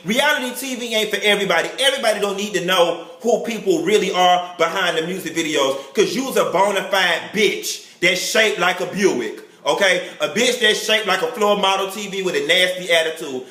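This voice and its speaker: Sassy male vlogger with a high, bright voice and camp, catty delivery, recorded in an echoey room. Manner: campy, catty, full of slang and drawn-out exclamations. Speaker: celebrity gossip vlogger. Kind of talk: sassy reality-show review.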